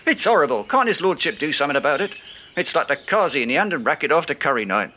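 A man's voice: fast talker, slight background noise. A man doing a pompous, indignant Brit. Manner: pompous, indignant, lively pitch swings. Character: pompous would-be posh man, prickly and self-important. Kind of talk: comedy audio play.

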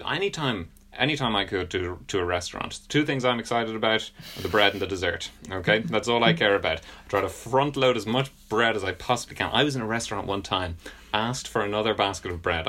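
Rambling British man, lowish voice. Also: fast talker, hardly any pauses, pushed and bright. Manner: rambling, self-deprecating storytelling. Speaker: podcast co-host. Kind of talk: casual comedic chat.

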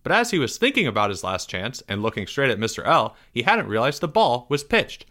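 A man reading a children's story aloud, expressive and dropping softer in tense moments. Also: medium pitch, fairly quick. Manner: expressive, drops softer for suspense. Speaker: narrator.

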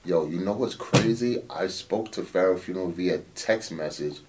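A man who runs a battle rap league, telling stories in a casual interview, animated and swearing often. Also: sits low, moderate pace, recorded from a distance. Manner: animated storytelling, frequent swearing and "you know what I'm saying".

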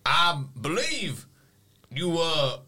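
A man voicing a tough southern male reindeer in a deliberately bad, halting, squeaky impression. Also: big pitch swings, pushed and bright, heavily acted. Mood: awkward. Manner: halting, squeaky, cracking high voice.

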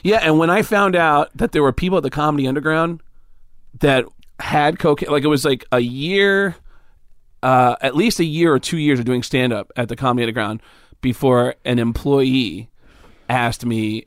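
A man's voice: medium pitch, moderate pace, no room sound, studio quality. A man, a comedian guest, telling stories in a casual interview, acting out the voices of the people in them and swearing freely. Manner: animated, acts out quoted voices, swears freely.

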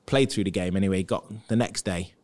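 Very deep-voiced man telling stories. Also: brisk. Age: 30s. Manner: animated anecdotes, acting out what others said. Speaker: podcast guest, former footballer. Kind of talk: casual storytelling.

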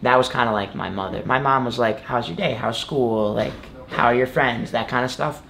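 A man's voice: medium pitch, normal speed, vocal fry, a bit bright, slight background noise. Young guy rambling through a casual chat, lots of likes and you knows, mid-range voice. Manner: rambling, many fillers like "like" and "you know". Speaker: guest, college wrestler. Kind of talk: casual interview talk.

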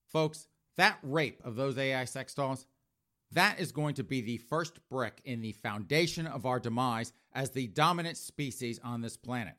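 A man's voice: medium pitch, animated, normal speed, a bit bright. A man hosting a podcast with mocking, sarcastic commentary, often addressing listeners as folks. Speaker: podcast host.

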